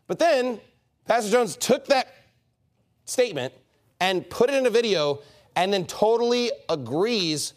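A man preaching a sermon as pastor, in an animated, mocking and emphatic manner. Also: sits high, unhurried, long pauses.

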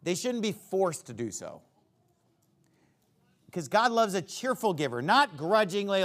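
Very animated and speaking at normal speed, a man delivers a sermon, reading Bible verses and putting them in plain everyday terms. He goes high and loud to stress points and low to explain them.

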